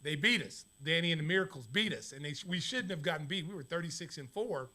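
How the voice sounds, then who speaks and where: A middle-aged man hosting a podcast, telling animated basketball stories and breaking into loud laughter. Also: a little high, fast. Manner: animated, laughs and shouts when telling punchlines. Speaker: podcast host, former basketball player. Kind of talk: casual chat, storytelling.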